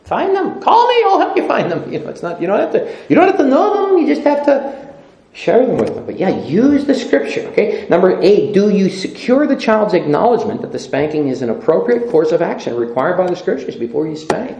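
A man's voice: sits high, very animated, fairly quick, vocal fry, a little mellow. Emphatic male preacher in echoey room. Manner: emphatic, repeats phrases, laughs often. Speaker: pastor. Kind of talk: sermon.

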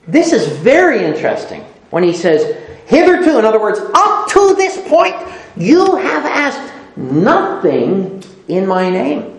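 Lively, emphatic male preacher in an echoey room. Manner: reads scripture aloud, then rises in pitch on repeated emphatic words. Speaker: pastor. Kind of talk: sermon.

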